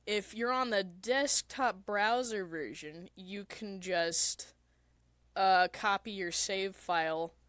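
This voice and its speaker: A woman's voice: medium pitch, a bit bright, no room sound. A woman streamer talking in a rambling, casual way and swearing now and then. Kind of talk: casual solo chat.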